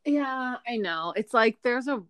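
A young woman in a casual gossip chat, agreeable and relaxed, tossing in "like" and quick agreements. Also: on the high side, clear, resonant tone, no echo, studio quality. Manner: agreeable, backchannels with mm-hmm, casual.

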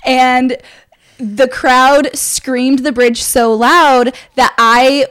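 A young woman co-hosting a casual podcast, telling an excited story fast with lots of fillers. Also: high voice, clean tone. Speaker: podcast co-host. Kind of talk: casual chat.

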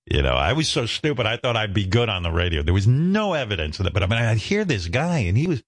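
A man in his sixties from the New York area, a radio host telling stories in an animated, self-mocking, profane way. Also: on the low side, fast, husky, no room sound, clean studio sound. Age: 60s. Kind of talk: casual chat.

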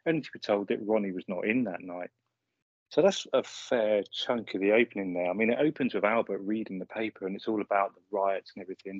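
Chuckling man, husky and low. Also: no room sound. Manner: chatty, chuckles often. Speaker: podcast co-host. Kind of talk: casual chat recapping a sitcom episode. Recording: slightly muffled lo-fi audio.

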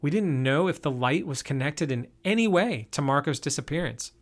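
A man narrating a first-person story in an even, steady reading voice. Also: a little high, normal speed.

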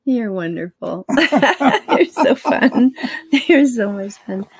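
A woman's voice: on the high side, big pitch swings, takes it slowly, husky, no echo. A woman co-hosting a casual couple chat, gushing and giggling affectionately. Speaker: co-host.

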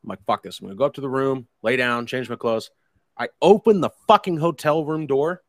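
A man's voice: mid-range voice, brisk, no echo. Guy rambling through a crude story, swears a lot, wry, dry close mic. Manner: profane, rambling, wry storytelling with quoted dialogue. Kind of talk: casual anecdote storytelling.

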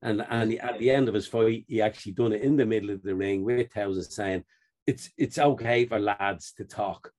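A man's voice: on the low side, steady tone, normal speed, a little mellow. A man co-hosting a podcast, chatting casually and telling stories with frequent laughs. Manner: chatty storyteller who laughs often. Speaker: podcast co-host. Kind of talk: casual chat.

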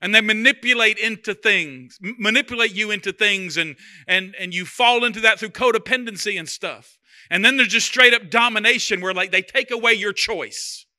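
A male pastor preaching with a high, very bright and forceful voice. His sermon is conversational and humorous. He often repeats his phrases for emphasis. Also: moderate pace.

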